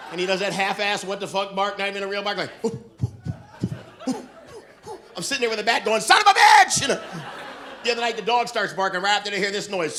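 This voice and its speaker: Brash high-voiced stand-up comic. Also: male voice, sharp tone. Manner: brash, profane, teasing the audience. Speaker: stand-up comedian. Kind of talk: stand-up comedy with crowd work. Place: comedy club stage. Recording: live club recording with audience laughter.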